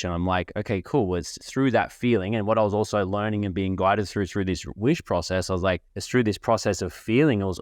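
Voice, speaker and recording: A man's voice: lowish voice, no room sound, clean studio sound. A man in his thirties hosting a show, telling a candid personal story in a rambling, emotional way, full of "like" and the odd swear word. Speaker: podcast host.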